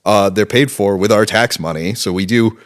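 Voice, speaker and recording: Speaking at normal speed, this deep-voiced man in his thirties rambles through anecdotes as a guest in a laid-back interview. He uses plenty of fillers and swears casually.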